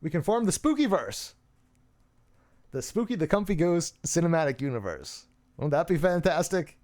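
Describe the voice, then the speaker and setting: A man putting on a mocking, sing-song voice of an eager young man pitching a collaboration. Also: big pitch swings, normal speed, a little mellow. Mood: fawning.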